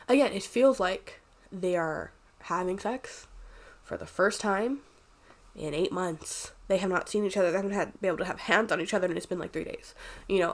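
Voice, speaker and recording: A congested, sniffly woman giving a chatty, rambling and candid casual book review. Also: on the low side.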